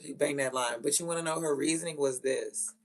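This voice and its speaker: A woman who is a mother, telling stories in a blunt, profane, animated way and laughing often. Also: deep voice, brisk, faint music behind. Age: adult with children. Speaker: vlogger. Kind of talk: casual storytelling rant.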